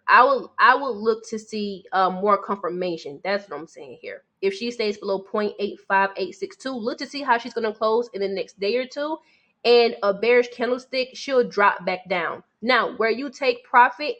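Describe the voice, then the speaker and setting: A woman's voice: medium pitch, fairly bright tone. A woman, a forex trading coach, going over charts on a live stream in a casual way and speaking straight to her viewers. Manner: casual, talks to viewers, calls them sweetie and baby.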